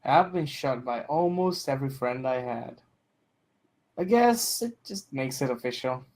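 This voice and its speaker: A man reading a fan story, voicing a calm, wry veteran mare who speaks low, quiet and unhurried. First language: Russian.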